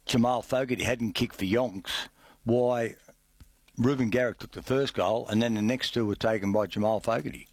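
A man on a sports radio panel, earnest and a little halting, full of stats. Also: medium pitch, steady tone, dry recording. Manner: earnest, halting, stat-minded.

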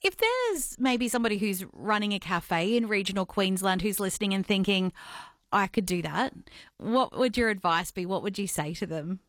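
A woman's voice: medium pitch, expressive, normal speed, dry recording, clean studio sound. A woman hosting a radio interview, asking questions in an encouraging way. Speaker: radio host.

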